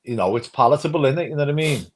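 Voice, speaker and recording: A man's voice: medium pitch, lively intonation, very fast, a little mellow. A man co-hosting a fan channel's football chat, rambling and often asking "you know what I mean".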